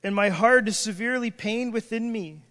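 A man's voice: high-pitched, normal speed, a bit bright. A man preaching an emotional sermon, crying out in prayer and breaking off mid-sentence. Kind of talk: impassioned sermon. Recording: long hall reverb.

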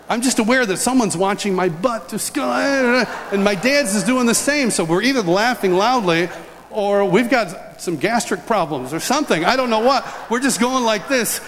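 A man's voice: high voice, a little hiss or hum. A man giving a humorous personal testimony, acting out scenes as he tells them. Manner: animated, acts out scenes and voices. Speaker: speaker telling a personal testimony. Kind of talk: humorous storytelling talk. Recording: large hall reverb, faint ambience.

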